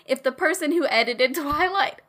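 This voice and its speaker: A woman's voice: high voice, expressive, normal speed, fairly bright tone. A woman running a tabletop game podcast, chatty and giggly with lots of fillers. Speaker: game master. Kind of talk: casual podcast chat.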